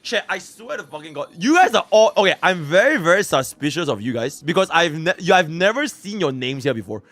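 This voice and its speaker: A young man from Singapore streaming live, chatting casually with his viewers and swinging between low mumbles and excited shouts. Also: brisk, no echo. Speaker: livestreamer.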